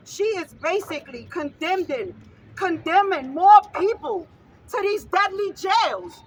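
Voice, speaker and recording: A grieving mother speaking at an outdoor rally, fervent and repetitive, often rising to a shout. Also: very high voice, lively intonation, measured pace, slight background noise, poor audio. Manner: fervent, raises voice to a shout, repeats phrases. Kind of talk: impassioned protest speech.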